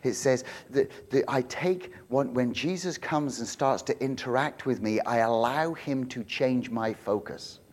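A man preaching a sermon as pastor. He gets loud and high on emphasis, drops low and quiet for stories, and restarts his words often. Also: measured pace, hardly any pauses. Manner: animated, loud and rising on emphasis, with many restarts.

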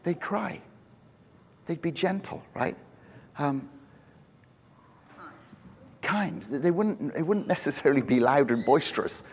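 Middle-aged male pastor, a bit high-pitched, chatty and self-deprecating in the pulpit; the church hall rings behind him. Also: lively intonation, takes it slowly, pauses often, breathy edge. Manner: conversational and joking, self-mocking. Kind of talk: sermon.

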